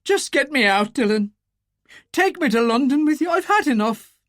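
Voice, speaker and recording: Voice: mid-range voice, very animated, a little fast, a bit bright, no echo, clean studio sound, pitched above the performer's own voice. An audiobook narrator voicing a desperate young male informer who pleads near tears.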